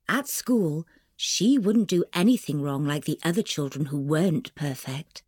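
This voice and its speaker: A woman reading a story aloud in a calm, measured way. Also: low-pitched, husky, no echo. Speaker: narrator.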